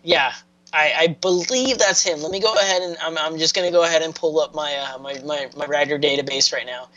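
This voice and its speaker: A man's voice: fairly high pitch, fairly quick, fairly bright tone, dull audio. A man co-hosting a casual review podcast, rambling through plot recaps with lots of fillers. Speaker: podcast co-host.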